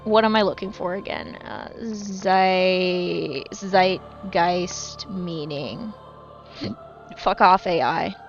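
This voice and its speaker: A woman's voice: on the low side, very slow, gravelly, muffled recording, faint music behind. Rambling, foul-mouthed woman streamer. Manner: rambling, swears freely, self-correcting. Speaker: game streamer. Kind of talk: casual live-stream chat while gaming.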